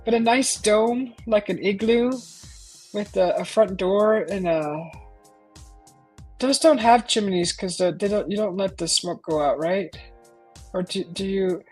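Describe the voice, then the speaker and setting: A woman's voice: medium pitch, measured pace, darkish tone, slightly rough, soft background music. A middle-aged woman hosting a casual live stream, chatting animatedly and asking her viewers lots of questions. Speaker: livestream host.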